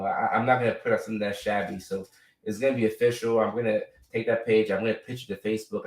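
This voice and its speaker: Hosting a live stream, an American man keeps things casual and chatty, often ending points with "right?" and using fillers. He has a fairly low voice, and he's picked up by a distant mic in an echoey room.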